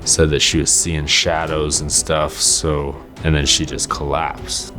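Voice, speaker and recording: Young man, very low voice, flat delivery, halting recollection with fillers, faint music behind. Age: young adult. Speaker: father interviewed in documentary. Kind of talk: emotional personal recollection.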